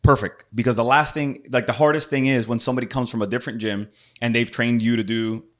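A man's voice: medium pitch, fairly even intonation, fast talker, a bit bright. A man hosting an interview, blunt and swearing casually. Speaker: podcast host.

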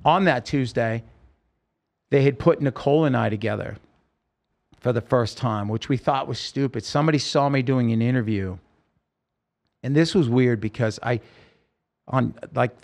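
A man as an interview guest, telling a personal story in halting speech with frequent restarts and self-corrections. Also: medium pitch, darkish tone.

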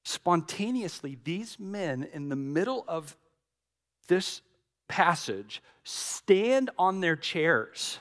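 Middle-aged man, pastor, sermon, high lively voice, unhurried, dramatic storytelling. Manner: dramatic storytelling, swings from loud to hushed.

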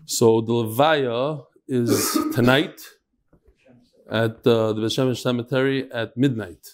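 A man's voice: medium pitch, steady tone, takes it slowly. A man teaching a live class, reading out listener messages and adding casual asides, full of Yiddish and Hebrew terms.

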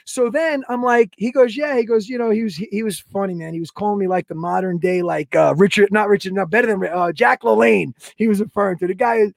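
High-voiced, animated podcast host man. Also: brisk, vocal fry, few pauses, no echo. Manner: animated, acts out quoted voices and sound effects; long-winded, rambling. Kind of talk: casual podcast storytelling.

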